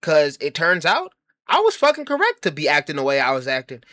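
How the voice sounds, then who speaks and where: A man's voice: fairly high pitch, huge pitch swings, brisk, sharp tone, no echo, studio quality. A man giving a comedic monologue, bragging in a brash, profane, mock-grandiose way and rambling through self-interrupting asides. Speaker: comedy commentary host.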